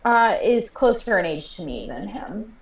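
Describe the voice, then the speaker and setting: A woman's voice: mid-range voice, sing-song, a little slow, recorded from a distance. A young woman playing a character in a tabletop game, rambling with lots of fillers. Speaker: player. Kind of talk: in-character improvised role-play. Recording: roomy sound from off-mic.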